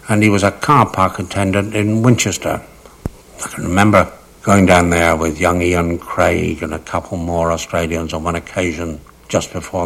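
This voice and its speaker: Through poor audio, an older man with a low voice reminisces about cricket in anecdotes. He tells them vividly and dramatically, lingering on words for emphasis.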